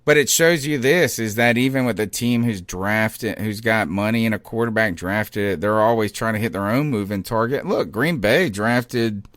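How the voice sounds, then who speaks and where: A man hosting a call-in sports podcast, talking loosely and thinking out loud. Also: fairly low pitch, moderate pace, few pauses, no room sound. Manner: loose, conversational, thinking aloud. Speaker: podcast host taking calls. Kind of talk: casual sports talk.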